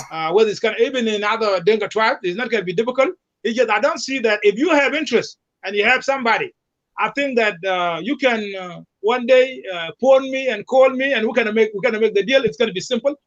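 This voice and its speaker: A man, a candidate being interviewed who drives his points home by repeating them. His voice sits high for a man. The call audio sounds dull and lo-fi. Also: a bit bright. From South Sudan. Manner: emphatic, repetitive rallying speech. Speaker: presidential candidate, guest. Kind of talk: remote talk-show interview.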